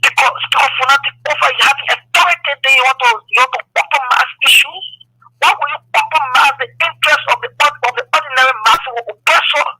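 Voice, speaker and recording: A man's voice: extremely high pitch, fast, bright, forceful tone, a little hiss or hum, low-quality recording. A man calling in to a talk show with earnest, formal political commentary. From Liberia. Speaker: caller.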